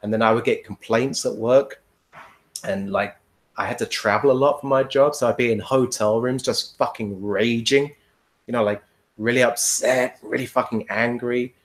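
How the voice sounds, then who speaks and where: A man's voice: mid-range voice, steady tone, normal speed. A man in casual podcast chat, telling a long rambling story, swearing freely and laughing often. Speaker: podcast guest.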